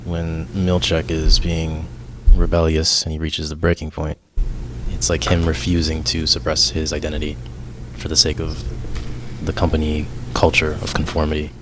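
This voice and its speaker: A man co-hosting a casual TV discussion podcast, talking in a measured, analytical way with some fillers. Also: extremely low pitch, monotone. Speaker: podcast co-host. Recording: faint background noise.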